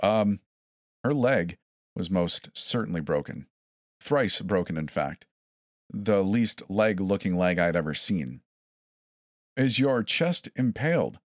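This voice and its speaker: A man's voice: sits low, animated, slow, dry recording. A man narrating a first-person horror story in a scripted way, with wry, dry asides.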